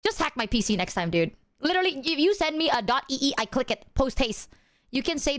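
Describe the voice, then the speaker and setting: A woman's voice: on the high side, expressive, moderate pace, long pauses. Teary, rambling woman streamer. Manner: emotional, laughing, rambling with filler "like". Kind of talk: casual live-stream chat.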